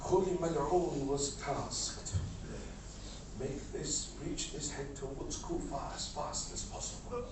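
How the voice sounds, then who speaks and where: A man reciting a mourning sermon in short repeated lines that build into a shouted lament. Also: a little high, slow, background noise. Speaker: majlis reciter. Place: large hall at a mourning gathering. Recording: echoey hall from far off with music.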